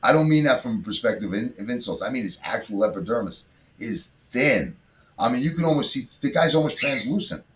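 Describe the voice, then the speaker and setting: A man's voice: mid-range voice, very animated. Guy in his fifties ranting, swears a lot, voice jumps all over, roomy echo, thin phone sound. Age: 50s. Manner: rambling, swearing, quick to rant. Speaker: co-host. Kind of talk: casual political chat. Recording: echoey room on a tinny phone-like line.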